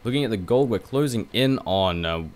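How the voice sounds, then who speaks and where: A man casting a video game match play by play, rapid and chatty with casual swearing. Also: lowish voice, lively intonation. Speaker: esports caster. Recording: music playing behind.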